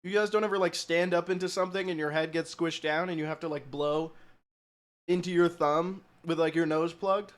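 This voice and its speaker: His voice is a little high, at normal speed with fairly even intonation. The man is live streaming, talking casually, making self-deprecating jokes and answering chat.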